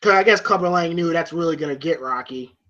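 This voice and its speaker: A man chatting casually about a film, retelling the scenes with amusement and lots of filler. His voice sits high and sounds bright, heard on a dull, lo-fi recording. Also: fast, a little hiss or hum. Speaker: movie reviewer. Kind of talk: casual movie review.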